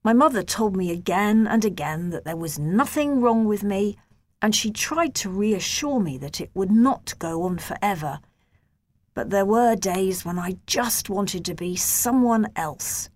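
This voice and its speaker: A woman reading a children's novel aloud in a gentle, measured first-person storytelling voice. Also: medium pitch, animated. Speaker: audiobook narrator.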